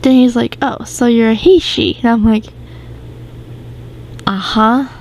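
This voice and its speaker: A woman's voice: on the high side, unhurried, darkish tone, slight background noise, poor audio. A woman hosting a casual storytime podcast, rambling through the tale with many ums and restarts. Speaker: podcast host.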